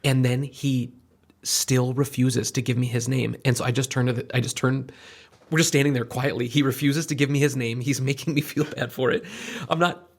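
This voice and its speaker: A man hosting a podcast, chatting casually and telling an animated story, acting out the voices of the people in it. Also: mid-range voice, normal speed. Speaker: podcast host. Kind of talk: casual chat.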